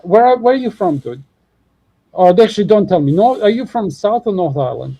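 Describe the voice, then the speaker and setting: Husky rambling New Zealand man. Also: high-pitched, lively intonation, no echo, highs cut off. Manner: rambling, profane, fast talk with many fillers. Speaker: show host. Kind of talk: casual podcast chat.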